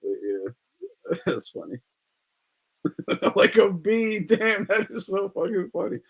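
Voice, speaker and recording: A man's voice: high-pitched, very animated, slow, breathy edge, lo-fi sound. A man hosting a casual podcast chat, talking loosely with lots of swearing and frequent laughter. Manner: loose, profane, laughs often. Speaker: podcast host.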